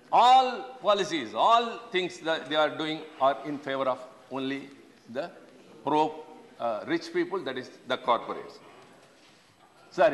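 An older Indian English-accented man delivers a formal parliamentary address, turning to the chair again and again and pressing his questions hard. His voice sits a little high for a man. The long reverb of a large chamber trails after every phrase. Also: fairly bright tone. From Tamil Nadu, India. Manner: impassioned questioning. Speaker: member of parliament. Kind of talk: parliamentary speech.

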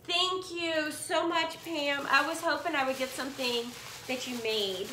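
A woman's voice: high-pitched, a little slow, reverberant, a little hiss or hum. A middle-aged woman, gushing as she unboxes yarn from a swap and chats to her viewers in a cluttered room at home. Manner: gushing, excitable, talks to viewers as friends. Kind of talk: casual unboxing chat.

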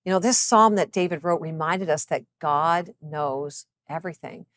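A woman in her fifties with a somewhat low speaking voice delivers a scripted devotional in a dry, close sound. She reads scripture passages slowly and with deliberate emphasis. She addresses the listener earnestly and encouragingly. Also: fairly bright tone, no echo. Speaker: clinical psychologist and author.

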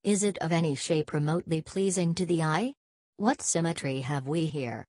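A woman's voice: sits low, moderate pace, a little mellow, dry recording. A woman reading the part of a fussy, vain older male detective, sprinkling in French phrases in a theatrical manner. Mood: indignant. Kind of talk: audiobook character reading.

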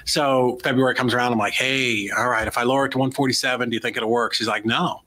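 A man's voice: medium pitch, fast, poor audio. A man in his forties, a guest in an interview, telling a story and acting out the lines of the people in it. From United States. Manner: animated storyteller acting out quoted dialogue. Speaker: guest, real estate investor.

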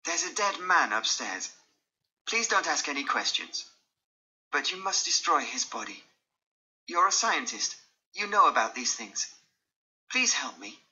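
A man doing a young gentleman who hides things and pleads with rising urgency. The voice sits higher than a plain reading, bright and edgy. The recording is dull and lo-fi. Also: big pitch swings, a little slow, long pauses, full character voice. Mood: urgent pleading. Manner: pleading, pitched up high when desperate. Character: young gentleman, secretive, desperate, manipulative.

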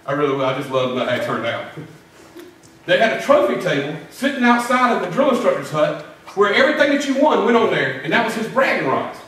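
A man's voice: high voice, big pitch swings, fairly quick, a bit bright, slight background noise. A middle-aged man preaching a sermon, telling folksy stories and doing drill-sergeant impressions. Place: church sanctuary. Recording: echoey church from far off.

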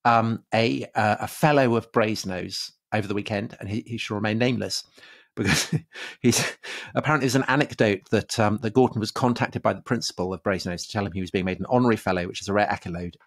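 A man's voice: on the low side, quick pace. An English man hosting a casual history podcast, telling stories with frequent laughs and fillers. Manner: chatty storyteller, laughs often, many fillers. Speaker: podcast host.

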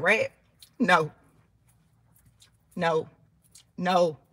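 Bright-voiced woman telling a heated story. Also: fairly high pitch, slightly rough, no room sound. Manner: animated, heated, swears freely, acts out quotes. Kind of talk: casual storytime monologue.

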